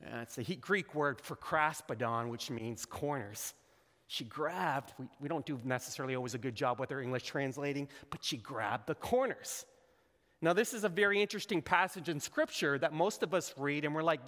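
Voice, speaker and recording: A man preaching a sermon as a pastor, animated and conversational, acting out the lines he quotes. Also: on the high side, normal speed. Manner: animated, acts out quoted lines in character voices. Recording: long hall reverb.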